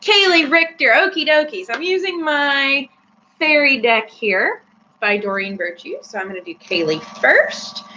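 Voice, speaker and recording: Her voice sits a little high and comes across pushed and bright as she hosts a laid-back live-stream tarot session. She's chatty and giggly, full of filler words. There's a faint hum on the slightly dull recording.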